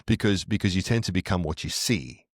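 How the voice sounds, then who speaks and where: Podcast guest: middle-aged man, very low voice, earnest and reflective, dry close sound. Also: expressive, fairly quick, no echo. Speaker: podcast guest, parenting author. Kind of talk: conversational interview, explaining.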